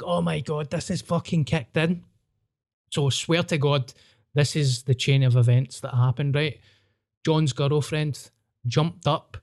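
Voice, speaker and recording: A Scottish man with a Glaswegian accent, hosting a podcast and telling a wild story in an animated, sweary way, acting out voices. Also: on the high side. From Scotland. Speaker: podcast host. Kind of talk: casual storytelling chat.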